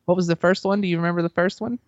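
A man's voice: high voice, fairly even intonation, very fast, dry recording. A man with a Southern accent, giving boastful, rambling comedic advice that keeps drifting off track. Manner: boastful, rambling, easily sidetracked. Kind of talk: comedy podcast bit. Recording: dull lo-fi recording.

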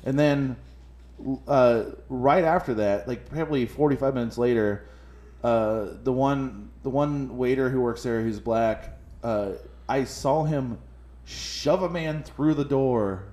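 A man on a podcast in casual chat, telling an animated, profane story full of quoted voices. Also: mid-range voice, slow pace. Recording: echoey room.

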